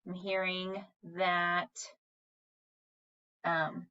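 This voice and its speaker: A woman teaches a reading lesson at a slow, careful pace, sounding out each word syllable by syllable. Her voice is bright and clear. The recording is a little dull and distant from the mic. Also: fairly low pitch, flat delivery. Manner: patient, sounds out words syllable by syllable.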